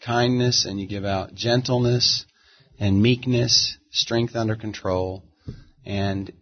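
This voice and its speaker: A middle-aged man with a lowish voice tells stories in a relaxed, reflective interview. He takes his time and drifts between thoughts. The audio sounds dull and muffled. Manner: easygoing, reflective, drawn-out storyteller. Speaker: interview guest, gospel singer. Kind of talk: relaxed conversational storytelling.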